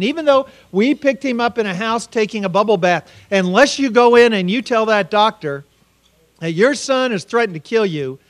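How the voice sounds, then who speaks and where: A middle-aged American man with a fairly high voice speaks as a keynote speaker. He tells a hard family story earnestly and gives each quoted line its own voice. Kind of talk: personal story told as a conference keynote. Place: conference hall.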